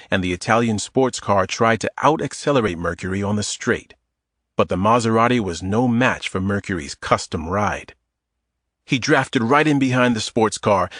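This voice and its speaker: A male audiobook narrator telling the story in a steady, measured voice. His pitch sits on the low side, and the sound is dry and close with no room around it. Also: no room sound. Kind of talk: scripted narration.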